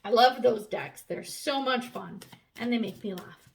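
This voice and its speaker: A woman giving a casual tarot reading to camera, chatty and animated, swearing freely and laughing often. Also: on the high side, a little slow, vocal fry, slight background noise. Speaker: tarot reader.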